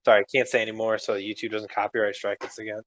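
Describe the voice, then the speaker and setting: A man's voice: on the low side, flat delivery, fast talker, a bit bright. A young man co-hosting a podcast in casual chat, rambling and swearing freely, laughing often, his voice strained from screaming. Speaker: podcast co-host.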